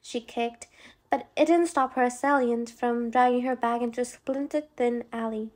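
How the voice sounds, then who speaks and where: A woman narrating a novel as an expressive audiobook reader. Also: fairly high pitch, normal speed. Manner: expressive reading with small slips. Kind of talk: scripted narration.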